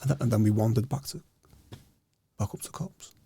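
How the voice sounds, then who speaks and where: Gravelly man telling a hard story. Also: medium pitch, fairly even intonation, dark tone, no echo. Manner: halting, repeats words, then earnest and vivid. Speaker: guest, author. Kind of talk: casual storytelling interview. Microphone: podcast microphone.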